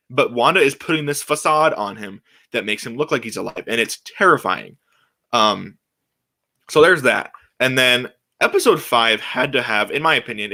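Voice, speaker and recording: A young man talks alone as host of his own show, tumbling through his thoughts with restarts and fillers. His voice is bright and forward, and he sounds eager throughout. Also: medium pitch. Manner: excited, rambling, many restarts and fillers. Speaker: podcast host. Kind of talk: casual solo chat.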